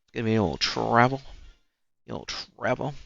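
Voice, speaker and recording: A man's voice: medium pitch, lively intonation, fairly quick, gravelly, a bit bright, dry recording, highs cut off. A man hosting a let's play, chatting casually and reading in-game letters aloud, self-deprecating and stumbling over words.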